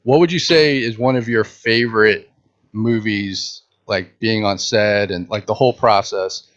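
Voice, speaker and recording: Podcast co-host, mid pitch, easygoing interjections, muffled lo-fi audio. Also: fairly even intonation, measured pace. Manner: brief agreeable interjections. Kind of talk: casual podcast chat.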